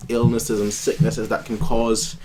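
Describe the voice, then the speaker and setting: A man's voice: lowish voice, flat delivery, measured pace, background noise. A man hosting a reaction video, giving casual commentary and thinking aloud with hesitant restarts.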